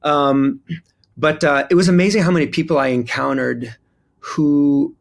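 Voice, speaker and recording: A man from Jerusalem, a pastor and guest, telling stories from his life earnestly, with wry asides and many pauses. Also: on the high side, fairly even intonation, gravelly. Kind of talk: reflective conversational storytelling.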